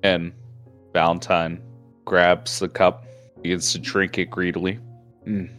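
A man with a lowish voice narrating a tabletop game as game master. He wanders through his lines with plenty of fillers and corrects himself as he goes. Soft music plays underneath. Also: little pitch movement, slow. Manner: rambling with fillers and self-corrections.

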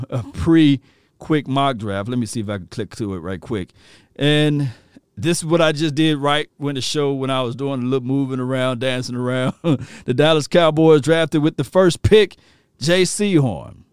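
A man's voice: medium pitch, smooth, dry recording, clean studio sound. Chatty man hosting a sports live stream. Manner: animated, shouts out live chatters, slangy. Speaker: podcast host. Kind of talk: casual live-stream chat.

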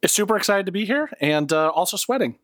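A man's voice: high voice, animated, brisk, a bit bright, dry recording, studio quality. A man introducing himself as a player, hesitant and joking. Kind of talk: casual chat.

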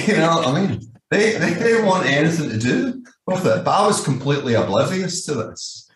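A man's voice: on the high side, very animated, normal speed. A Scottish man in his fifties, a guest telling long rambling anecdotes, swearing freely and leaning on "you know what I mean". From Scotland. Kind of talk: casual storytelling. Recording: echoey room, distant mic.

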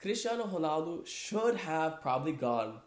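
A man's voice: a little high, sing-song, moderate pace. A man hosting a casual sports chat podcast, rambling loosely with lots of fillers and "bro.". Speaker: podcast host. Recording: echoey room.

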